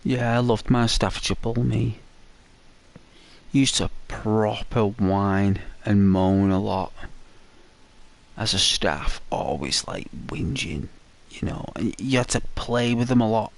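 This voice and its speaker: A man's voice: on the low side, takes it slowly, gravelly. A man giving casual, rambling commentary heavy with fillers. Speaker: gaming commentator.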